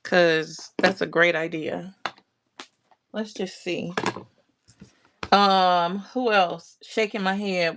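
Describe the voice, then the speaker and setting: A woman's voice: lowish voice, steady tone, very slow, pauses often, a bit bright, a little hiss or hum. A woman hosting a casual crafting livestream, greeting viewers by name, reading their comments aloud and talking herself through her work. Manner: talks to herself while working on crafts.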